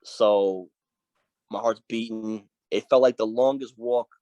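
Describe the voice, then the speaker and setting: A man's voice: fairly low pitch, fairly even intonation, slow, mellow, dry recording. A man, a biker club's sergeant at arms, telling stories as a podcast guest. He swears freely and acts out the dialogue. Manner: profane, vivid storyteller who acts out quoted dialogue. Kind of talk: storytelling in a casual interview.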